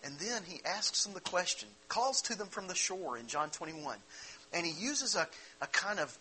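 A man's voice: high voice, sing-song, moderate pace, sharp tone, a little hiss or hum, low-quality recording. A man preaching a sermon, explaining a Bible passage in a conversational way and asking his listeners rhetorical questions. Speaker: pastor.

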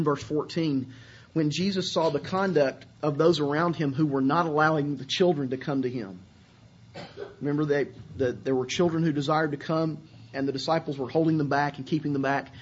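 Male pastor, sermon, husky voice, slightly high pitch, dull lo-fi church recording. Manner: earnest, repeats words while searching for phrasing.

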